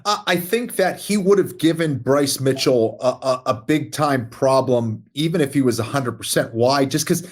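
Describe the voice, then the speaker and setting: A man's voice: medium pitch, moderate pace, hardly any pauses. A man co-hosting a podcast, talking casually and emphatically, repeating points for stress. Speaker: podcast co-host. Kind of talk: casual chat.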